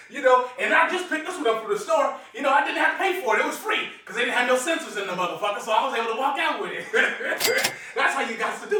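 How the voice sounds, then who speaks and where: A man doing a profane comedic monologue to camera, brash and boastful, swearing constantly and chuckling often. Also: very high-pitched. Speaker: comedic host showing his knives. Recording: echoey room, mic far off, faint noise.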